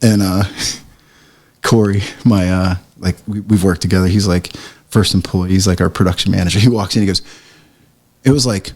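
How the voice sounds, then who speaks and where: A man's voice: deep voice, normal speed. A man from the area, a print shop owner telling a story as a podcast guest, laughing and acting out what people said. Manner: animated, laughing, acts out quoted lines. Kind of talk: casual storytelling chat.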